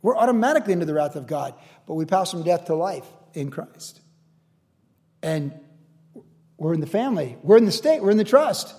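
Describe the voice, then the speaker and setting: High-voiced, animated pastor in a hall. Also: male voice, brisk. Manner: animated, acts out quoted voices, laughs often. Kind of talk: sermon.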